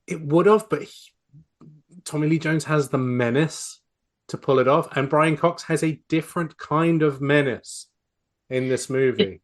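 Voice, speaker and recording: Wry, sweary podcast host. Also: male voice, on the high side, unhurried. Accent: New Zealand. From New Zealand. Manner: wry, sweary, laughs often. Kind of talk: casual film-review chat.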